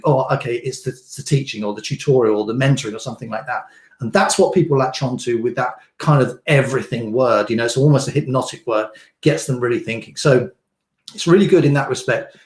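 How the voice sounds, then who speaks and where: A man's voice: a little high, a little mellow. Casual rambling male coach, echoey room. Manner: casual, rambling explanations with many fillers and restarts. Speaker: online business coach. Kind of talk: live teaching session. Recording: roomy echo.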